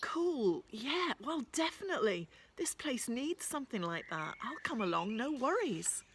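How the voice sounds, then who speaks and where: Woman voicing a scrappy teen boy, casual and offhand, lively pitch. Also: unhurried, background noise. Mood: eager. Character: scrappy battered teenage boy, cocky.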